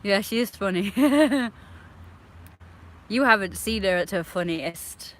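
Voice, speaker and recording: A woman's voice: mid-range voice, lively intonation, slow. Chatty woman live streaming. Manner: chatty, scolds her dog loudly. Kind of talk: casual live stream chat.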